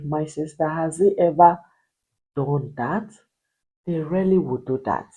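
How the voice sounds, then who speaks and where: Woman coach, mellow voice, emphatic, hammering questions. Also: low voice, a little slow, long pauses, slightly rough, rough recording. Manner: emphatic, repetitive rhetorical questions. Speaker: marriage coach. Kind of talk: motivational preaching.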